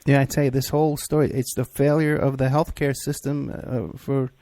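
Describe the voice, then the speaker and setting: A man hosting an interview in a casual way, asking relaxed questions with fillers between them. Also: medium pitch, moderate pace, no echo. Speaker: host.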